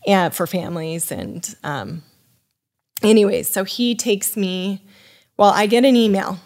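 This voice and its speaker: A woman's voice: medium pitch, unhurried. Chatty woman telling a story. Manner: animated, acts out quoted dialogue; loose, full of fillers like "you know" and "like". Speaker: podcast guest, wine sommelier. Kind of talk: casual storytelling chat.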